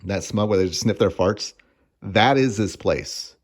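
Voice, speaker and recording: Sarcastic low-voiced man ranting. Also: unhurried. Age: 30s. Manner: sarcastic, profane, laughs often. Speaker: food reviewer vlogger. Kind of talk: casual ranting review.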